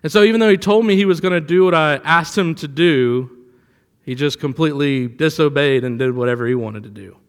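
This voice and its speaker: High-voiced man preaching in an echoing hall. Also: a little fast, clean tone. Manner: conversational preaching with anecdotes, rising for emphasis. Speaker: pastor. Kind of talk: sermon.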